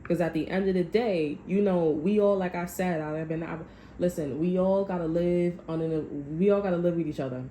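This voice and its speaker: A woman's voice: fairly low pitch, fairly even intonation, normal speed, mellow, echoey room, a little hiss or hum, rough recording. A woman giving a tarot reading, talking to her viewers in a blunt, profane, sassy way. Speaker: tarot reader. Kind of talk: casual spiritual reading monologue.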